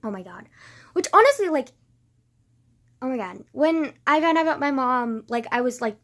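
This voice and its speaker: A woman with a somewhat high voice talks straight to camera in a casual confessional vlog. She is grieving and rambles, filling every pause with small filler words. Her voice drops low and quiet, then flares up loud and raw. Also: big pitch swings. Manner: rambling, heavy filler words, swings between quiet and loud emotional bursts. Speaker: vlogger.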